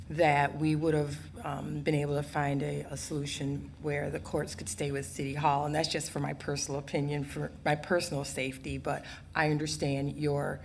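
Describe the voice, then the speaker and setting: Low gravelly councilwoman, halting. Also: slight background noise. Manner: halting, repeats herself, many fillers. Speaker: city councilwoman. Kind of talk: public meeting remarks.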